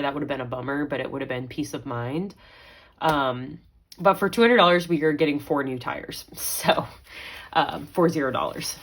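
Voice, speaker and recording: A young woman with a low voice chats as she counts cash for her budgeting vlog, counting aloud and talking to herself a bit. She is pregnant. The recording quality is low.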